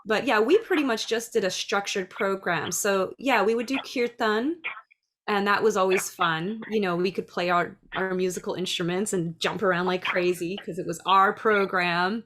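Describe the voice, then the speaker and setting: A middle-aged woman who teaches dance and preschool, speaking in a chatty, lively way about classroom ideas. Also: mid-range voice, normal speed, slight background noise. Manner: chatty, lively, acts out little voices. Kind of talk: casual talk.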